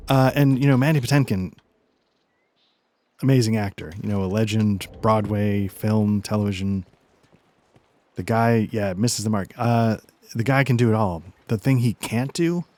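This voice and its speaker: A man's voice: on the low side, a little slow, pauses often, a little mellow, dry recording. A man hosting a let's play, chatting casually and rambling through self-deprecating asides while he games. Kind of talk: casual commentary while gaming.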